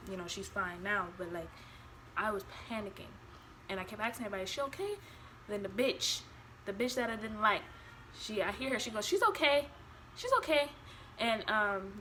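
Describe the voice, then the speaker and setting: A young woman vlogger telling a personal story in an animated, blunt way, swearing freely. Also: mid-range voice, fairly quick, a little hiss or hum. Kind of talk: storytime vlog.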